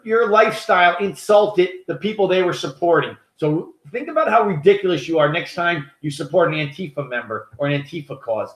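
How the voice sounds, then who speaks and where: An American man co-hosting a podcast, telling stories in a heated, profane, rambling way. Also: high voice. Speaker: podcast co-host. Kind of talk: casual opinionated podcast chat. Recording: echoey room.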